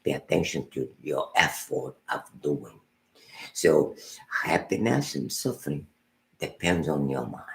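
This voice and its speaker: A man giving a meditation teaching as a Buddhist teacher, unhurried and halting, repeating words and restarting phrases, often dropping to a soft murmur. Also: a bass voice, expressive, creaky, roomy sound, low-quality recording.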